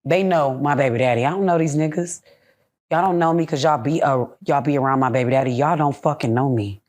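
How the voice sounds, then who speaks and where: A woman's voice: low voice, fairly quick, darkish tone. A young woman, a podcast guest, talking bluntly and heatedly in a candid interview, with plenty of swearing. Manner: blunt, profane, heated ranting.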